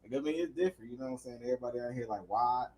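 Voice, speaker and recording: A man's voice: medium pitch, racing, dark tone, rough recording. A man from North Carolina with a Southern accent, hosting a podcast in a laid-back chat and laughing easily. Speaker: podcast host. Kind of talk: casual interview chat.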